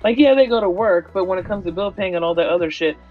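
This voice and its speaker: Earnest female podcast guest in casual chat, muffled lo-fi recording, soft music behind. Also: on the low side, quick pace. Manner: earnest, speaks from personal experience. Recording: dull lo-fi sound.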